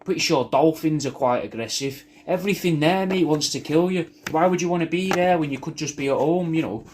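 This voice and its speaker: Against a noisy background, a man with a fairly high-pitched, brisk voice rambles through a personal video message. He's sweary and self-deprecating, frequently starting his sentences over.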